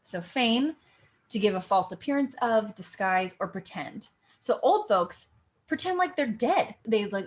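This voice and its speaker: A young woman teaching acting, explaining a monologue line by line in a playful, animated way and punching key words for emphasis. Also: mid-range voice, measured pace.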